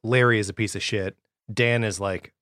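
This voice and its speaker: A man co-hosting a casual book discussion podcast, relaxed with many filler words. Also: fairly low pitch, normal speed, dry recording, clean studio sound. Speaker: podcast co-host. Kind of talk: casual book club chat.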